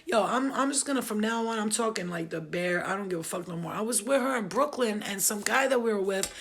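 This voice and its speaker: A woman's voice: mid-range voice, animated, brisk, gravelly, a little hiss or hum. A woman telling her life story on a live stream in a blunt, emphatic, profane way. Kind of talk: casual unscripted storytelling.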